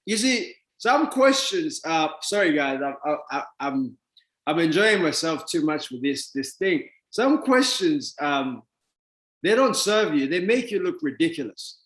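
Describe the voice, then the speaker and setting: A man giving a motivational business talk. He laughs often, bursts into exasperated shouts, then drops to low mumbles. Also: measured pace. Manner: excitable, laughing, exasperated, acts out questions, mixes shouting and mumbling. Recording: roomy echo.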